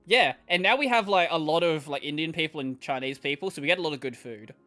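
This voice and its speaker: A man's voice: a little high, expressive, quick pace, bright, forceful tone, soft background music. A man with an Australian accent and a slightly nasal voice, chatting casually on a live stream as he answers viewer questions, rambling with lots of fillers and restarts. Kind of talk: casual chat while reading viewer questions.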